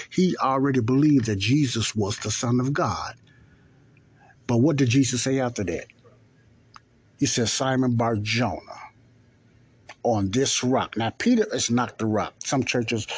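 A man giving informal Bible teaching in a plainspoken, conversational way, slowing down to repeat key phrases for emphasis. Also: medium pitch, slightly rough. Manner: plainspoken, conversational, checks in with "okay".

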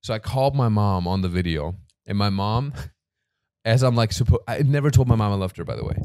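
A man's voice: on the low side, expressive, a little fast, a little mellow, clean tone, dry recording, clean studio sound. A man from Germany hosting a casual podcast interview, telling stories animatedly and laughing often. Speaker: podcast host.

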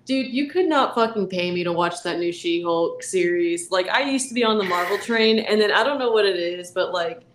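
A woman's voice: lowish voice, moderate pace, hardly any pauses, echoey room, a little hiss or hum, low-quality recording. A woman co-hosting a podcast in casual, laughing chat, swearing freely. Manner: laughs often, swears, animated. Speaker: podcast co-host.

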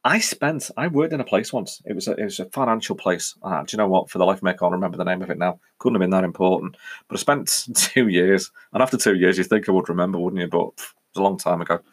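A middle-aged Englishman with a very low voice hosts a casual solo podcast, his Northwest English accent blending Cheshire and Welsh-border tones. He speaks fast in a steady tone. Chatty and meandering, he frequently stops to correct himself.

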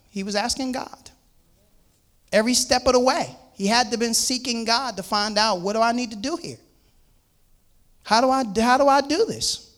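A man preaching a sermon, reading scripture aloud and explaining it to his listeners. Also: high-pitched. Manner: reads scripture aloud and comments on it; repeats words and restarts, addresses listeners as "man".

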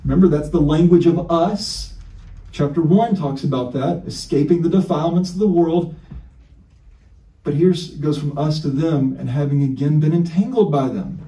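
A man's voice: fairly high pitch, normal speed, dark tone, reverberant. A male pastor preaching an emphatic sermon full of rhetorical questions, heard from a distance in a church.

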